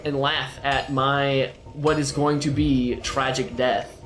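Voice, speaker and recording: A man's voice: mid-range voice, flat delivery, slow pace, fairly bright tone, soft background music. A man live-streaming a video game, chatting with viewers and teasing them and the game in a playful way.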